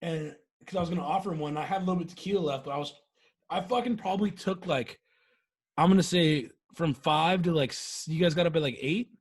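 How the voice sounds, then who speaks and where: A man's voice: a little high, fast talker, slightly rough. A young man co-hosting a podcast, recounting a drunken night in a laid-back way with frequent swearing. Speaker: podcast co-host. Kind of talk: casual storytelling chat.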